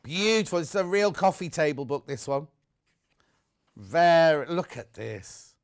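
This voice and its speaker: A man presenting on a live TV shopping show, chatty and excitable, jumping between asides. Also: a little high, a little slow, gravelly. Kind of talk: live TV sales chat. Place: TV studio.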